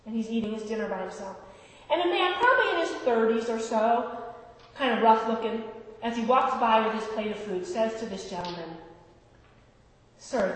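A woman giving a storytelling sermon in a relaxed conversational way, laughing at times and rising in emphasis. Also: mid-range voice, a little hiss or hum. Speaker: pastor. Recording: roomy hall from far off.

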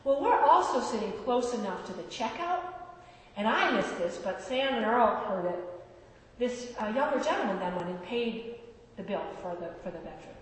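A woman preaching a storytelling sermon, her slightly high voice carrying through a large reverberant hall. She is picked up from well back in the room, so the long reverb surrounds every word. She talks conversationally, breaking into laughter and building to emphatic peaks. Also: expressive, normal speed. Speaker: pastor. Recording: roomy hall from far off.

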